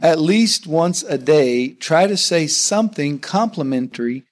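A man's voice: a little high, animated, a little slow. Middle-aged guy, jokey, teaching on marriage, reads a bible verse. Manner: joking, then plain teaching. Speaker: co-host speaking about marriage. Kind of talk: casual talk with scripture teaching.

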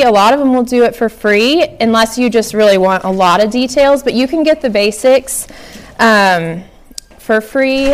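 A young woman from Oklahoma giving a casual workshop talk on flower farming, chatty with many ums and likes. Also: on the high side.

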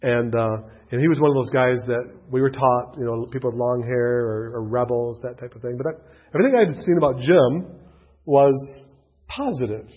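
A middle-aged man tells a personal story in a rambling, animated way, circling back over his words. His voice is husky and sits at a medium pitch. The recording is dull and lo-fi. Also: fairly quick. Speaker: speaker telling his faith story.

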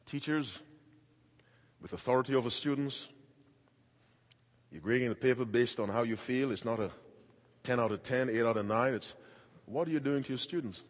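A man's voice: mid-range voice, moderate pace, long pauses, big-room sound. A man preaching a sermon in an emphatic, dramatic way, acting out quoted voices.

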